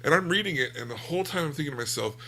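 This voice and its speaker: A man with a gravelly voice, talking casually about a book on a podcast, rambling and self-deprecating. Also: on the high side, lively intonation, rapid-fire, pushed and bright. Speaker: podcast co-host.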